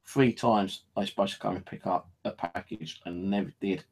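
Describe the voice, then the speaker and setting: A man's voice: steady tone, normal speed, vocal fry, a little mellow, slightly rough, poor audio. A man from the UK grumbling and swearing his way through a casual rambling monologue to viewers. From United Kingdom. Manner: grumbling, sweary, mimics phone bleeps in a high voice. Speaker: vlogger.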